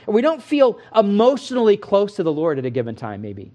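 A man delivering an expository sermon in a somewhat high voice. He preaches earnestly and with emphasis, leaning hard on key words as he teaches. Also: very animated, fast talker, few pauses, darkish tone, highs cut off. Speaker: pastor.

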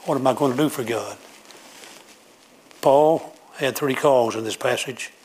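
A man's voice: medium pitch, measured pace, a little mellow, slight background noise. A man preaching a sermon, emphatic and repetitive as he pleads with his congregation.

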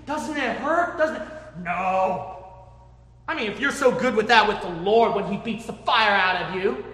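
A fervent male preacher delivers a sermon at normal speed in an echoey hall with long reverb. His emphatic delivery swings from quiet talk up to shouting.

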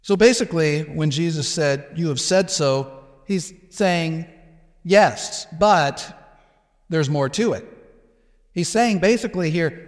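A man's voice: on the high side, slow, big-room sound. A man teaching a lecture on a Bible passage, explaining it step by step and acting out the quoted exchanges.

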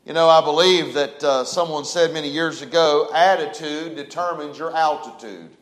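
A man's voice: a little high, moderate pace, fairly bright tone, reverberant. A man preaching a sermon in an emphatic style, reading scripture and pressing his point. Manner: emphatic, preaching with Bible verses and a short prayer.

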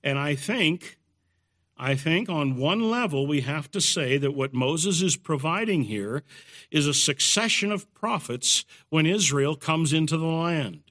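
A man's voice: a little high, lively intonation, measured pace, fairly bright tone. Man teaching an evening Bible study.

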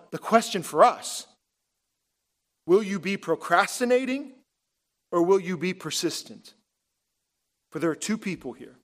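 High-voiced, emphatic male pastor preaching. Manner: emphatic, rising and dropping for effect. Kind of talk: sermon.

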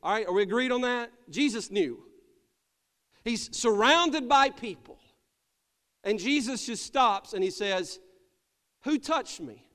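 Man, pastor, sermon, high voice, calls for amens, long church reverb. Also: animated, unhurried, long pauses, a bit bright. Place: church sanctuary.

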